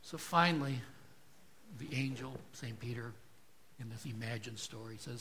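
A man preaching a sermon to a congregation, asking rhetorical questions and moving between hushed, soft passages and loud, emphatic lines. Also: medium pitch, measured pace, a little hiss or hum. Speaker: pastor. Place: church.

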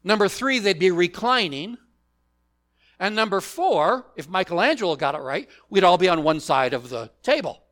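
A man preaching a sermon, deliberate and emphatic, asking the congregation rhetorical questions. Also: high-pitched, big pitch swings, a bit bright. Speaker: pastor.

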